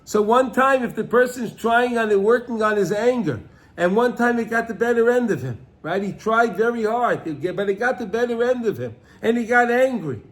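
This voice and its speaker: A man's voice: extremely high pitch, lively intonation, normal speed. A man teaching a Torah class on the weekly portion in a conversational way, often repeating himself and asking "right?", with Hebrew and Yiddish terms mixed in.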